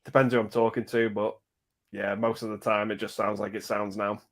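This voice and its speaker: Low-voiced man with a mild Liverpool accent. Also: little pitch movement, a little fast. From Liverpool area. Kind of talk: casual livestream chat.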